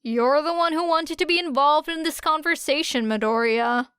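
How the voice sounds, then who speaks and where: A woman voicing a sharp-tongued, mocking teenage girl fighter in an audiobook reading, with a taunting, biting delivery. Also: a little high, animated, slow pace, clear, resonant tone, no room sound, clean studio sound.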